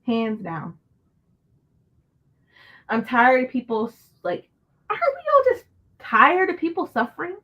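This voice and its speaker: A woman's voice: high-pitched, wildly swooping pitch, measured pace, long pauses, pushed and bright, rough recording. A woman hosting a casual livestream, answering her chat and venting in a frustrated, cursing rant. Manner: frustrated, ranting, swears freely. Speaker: book channel host reading live chat.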